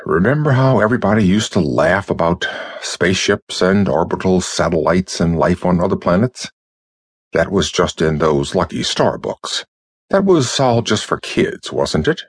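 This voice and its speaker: A man voicing a nervous, muddled male FBI chief who turns fretful and sharp, in a storybook reading. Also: deep voice, lively intonation, normal speed, breathy edge, dry recording, clean studio sound. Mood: brooding.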